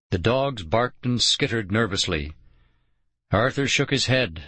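Slow, low-voiced male narrator. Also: animated, a bit bright, breathy edge, no room sound. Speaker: audiobook narrator. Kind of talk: scripted first-person narration.

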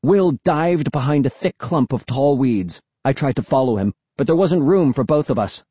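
Husky, expressive storybook narrator, man. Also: mid-range voice, moderate pace, dry recording. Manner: lively, expressive reading. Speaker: audiobook narrator. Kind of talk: first-person storybook narration.

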